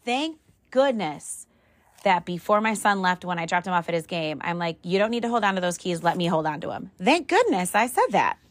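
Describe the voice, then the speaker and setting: A middle-aged woman casually telling a family story, animated and wry with exasperated humor, acting out the dialogue. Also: fairly low pitch, a little fast, no echo. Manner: acts out dialogue with "I'm like".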